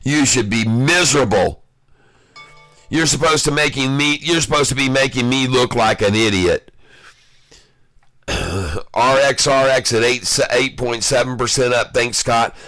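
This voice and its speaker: Guy day-trading live and trash-talking the shorts, bright edgy voice, dry no-room sound. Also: medium pitch, measured pace, no room sound. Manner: taunting, excitable, talks to viewers as folks. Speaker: stock day-trader streaming live.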